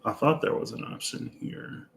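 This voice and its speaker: A man reading oracle cards aloud in a casual way, with unhurried, musing asides to himself between passages. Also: fairly bright tone. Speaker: oracle card reader.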